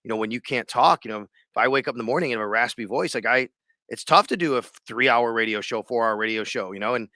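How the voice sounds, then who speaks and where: A man co-hosting a sports podcast, chatting in a loose, rambling way. His voice is bright and forward, at an ordinary pitch. The sound is dry and close. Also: fast talker, no echo. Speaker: sports radio and podcast host. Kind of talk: casual sports podcast chat.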